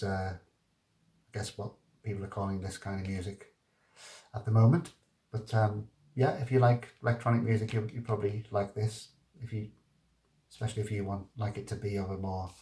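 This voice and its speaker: Gently enthusiastic man, roomy echo. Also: lowish voice. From Liverpool, England. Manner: unhurried, hesitant, with frequent ums and restarts. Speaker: vinyl record reviewer. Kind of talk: casual video record review.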